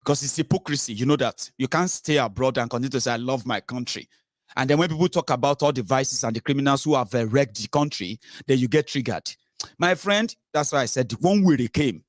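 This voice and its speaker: A man with a Nigerian accent giving a sarcastic, animated political commentary, mixing in pidgin. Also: medium pitch, fast, dry recording, clean studio sound.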